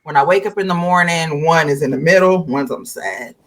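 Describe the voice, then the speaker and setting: A woman hosting a casual interview, joking and chatting in a lively way. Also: low-pitched, a little fast. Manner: lively, joking, laughing along. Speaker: host. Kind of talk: casual chat.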